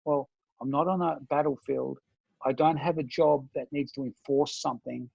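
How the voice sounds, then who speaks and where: Husky Australian man telling war stories. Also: normal speed, no echo, lo-fi sound. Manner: animated storyteller, slips into high mock-friendly voices when quoting. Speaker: interviewee, former special forces soldier. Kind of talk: casual storytelling interview.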